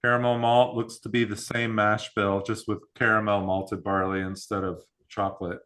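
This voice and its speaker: A man hosts a whiskey club tasting in casual chat, his voice low-set but bright and forward. He reads out proofs and mash bills in an easy, unhurried way. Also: little pitch movement.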